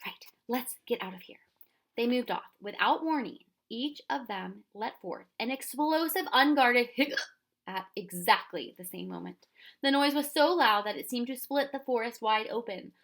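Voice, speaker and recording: A woman reading a children's storybook aloud with expressive narration. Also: on the high side, normal speed, creaky. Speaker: reader.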